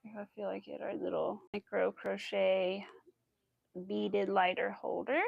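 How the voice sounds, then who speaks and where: A woman's voice: mid-range voice, level tone, unhurried, gravelly, no echo, highs cut off. A young woman hosting a crochet livestream, chatting casually and rambling through stories with quoted asides. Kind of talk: casual chat while crocheting.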